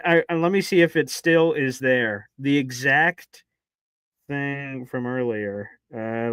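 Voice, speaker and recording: A man co-hosting a casual sports talk show, telling a story in a lively way and acting out his own reactions. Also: mid-range voice, dry recording. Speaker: podcast co-host. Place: radio station studio.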